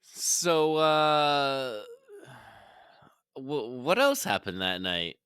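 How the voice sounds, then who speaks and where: A man's voice: a little high, big pitch swings, extremely slow, a bit bright, clear, resonant tone, no room sound, studio quality. A man co-hosting a podcast in casual chat, reacting with short comments and laughs. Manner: laughs easily, brief reactions. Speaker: podcast co-host.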